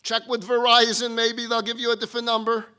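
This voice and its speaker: A man voicing the prophet Jonah as a flustered man who loudly pretends a bad phone line to dodge a call. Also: extremely high pitch, completely flat delivery, brisk, clean tone. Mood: evasive.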